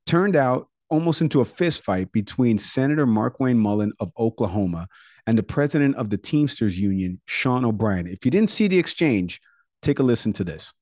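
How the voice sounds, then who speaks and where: A man hosting a political podcast in casual chat, talking in excitable bursts. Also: medium pitch, normal speed, no echo, studio quality. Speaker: podcast host.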